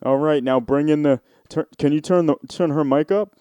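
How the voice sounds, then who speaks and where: Man doing a slick TV news host: earnest, raised, smooth, studio-friendly. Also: fairly high pitch, mellow, no room sound, lightly acted. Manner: measured, overly smooth broadcast delivery.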